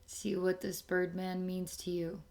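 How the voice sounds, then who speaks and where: A woman giving a channeled spiritual reading to someone, speaking softly and often checking in with "okay?". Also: fairly low pitch, level tone. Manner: slow, soft, repeats okay to check in. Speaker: spiritual intuitive reader.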